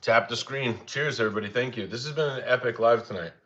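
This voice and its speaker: This fast-talking young man, his tone fairly bright, chats and rambles with viewers during a casual cooking stream. When addressing his dogs, his voice climbs higher. Sound quality is lo-fi and a little dull.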